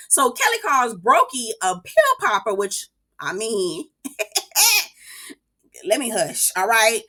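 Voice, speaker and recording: Sassy, bright-voiced woman recapping gossip. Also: huge pitch swings, slow, long pauses. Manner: sassy, profane, gossipy with quoted reactions; speaks with swooping pitch jumps and exclamations. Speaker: reality TV recap host. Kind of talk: casual recap commentary.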